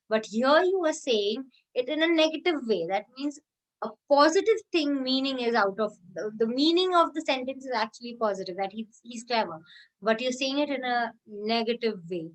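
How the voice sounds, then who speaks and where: A woman's voice: high voice, animated, moderate pace. A woman giving an online lecture, explaining with spoken examples and frequent fillers and restarts. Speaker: English teacher.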